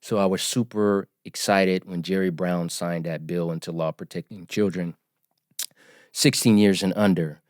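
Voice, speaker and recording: A man in his forties, a podcast guest, telling his story in an earnest, emphatic, measured way. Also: sits low, steady tone, darkish tone, no echo, clean studio sound. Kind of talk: storytelling interview.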